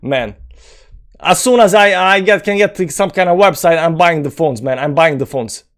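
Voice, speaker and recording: Male streamer, Balkan accent, slightly high pitch, loose rambling delivery while answering chat. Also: normal speed, a bit bright. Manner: rambling, filler-heavy, reads comments aloud and answers. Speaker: crypto channel host. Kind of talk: live-stream chat reading.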